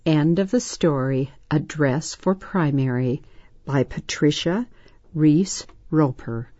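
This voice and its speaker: A woman reads a children's story in a measured, gentle way. Her voice is low and mellow. The recording is dry and dull, with a lo-fi sound. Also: dry recording. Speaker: reader. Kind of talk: scripted storybook narration.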